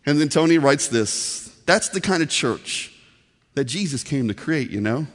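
A man's voice: on the high side, a bit bright. A man preaching a sermon as pastor, telling a story in an earnest, conversational way. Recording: long reverb of a large hall.

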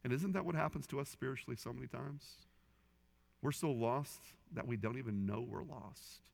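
A man's voice: mid-range voice, moderate pace, vocal fry, darkish tone. A man preaching a sermon as a pastor, earnestly telling a story and quoting others with rising and falling intensity. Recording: long hall reverb.

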